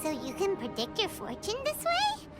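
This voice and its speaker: A woman voicing a tiny, chatty fairy companion in a video game, with a whiny, squeaky manner. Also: huge pitch swings, moderate pace, full character voice. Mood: puzzled. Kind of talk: game voice acting. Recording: game audio under loud music.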